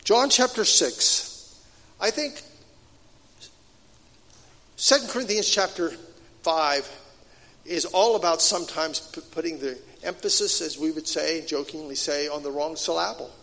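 A man with a high voice preaching a sermon in a large hall or sanctuary. He sinks to quiet, low asides and then climbs to loud, emphatic points. His voice rings with a long reverb that trails after each phrase. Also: a little slow, pauses often. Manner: swings between hushed, low asides and loud, emphatic declarations.

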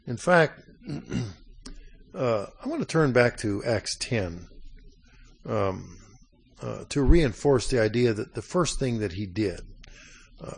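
A man giving a sermon in a conversational way, with many fillers and frequent throat clearing, reading scripture passages aloud more slowly. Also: on the low side. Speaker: preacher.

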